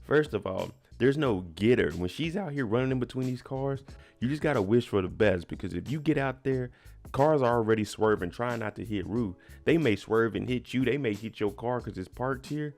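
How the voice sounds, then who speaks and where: A man's voice: mid-range voice, lively intonation, moderate pace, darkish tone, soft background music. A man casually recapping a TV episode, retelling it emphatically with slang. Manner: chatty, emphatic retelling with slang and little laughs. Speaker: TV recap host.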